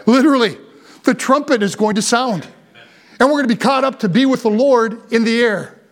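An older man preaching a sermon, building from calm talk to near-shouted passion. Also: extremely high pitch, normal speed. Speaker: pastor.

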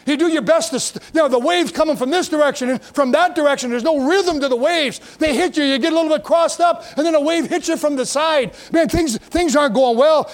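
A man's voice: very high-pitched, fairly quick, hardly any pauses. A pastor preaching a sermon in a folksy, emphatic way, full of repeats and asides, reading scripture and talking straight to his listeners.

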